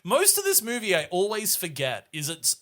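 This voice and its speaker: Bright, lively-voiced man teasing his co-host. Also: sits high. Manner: teasing, quick asides. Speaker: podcast co-host. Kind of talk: comedic film-review banter.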